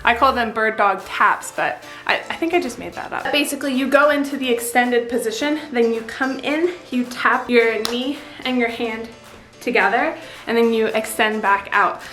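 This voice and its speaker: A woman's voice: a little high, normal speed, fairly bright tone. A woman fitness vlogger talking casually while straining through an exercise she demonstrates. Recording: echoey room with music behind.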